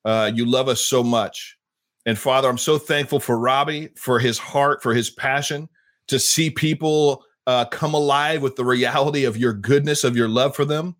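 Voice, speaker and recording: A man's voice: mid-range voice, fairly even intonation, normal speed. Emphatic male podcast host. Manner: emphatic, repeats words, prays aloud. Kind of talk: casual Christian podcast chat and prayer.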